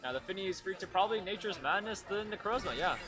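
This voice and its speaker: Man, esports caster, casual play-by-play, slightly high voice, music playing in the background. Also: expressive, fast. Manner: casual, filler-heavy play-by-play. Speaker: esports commentator. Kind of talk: live game commentary. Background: music playing nearby.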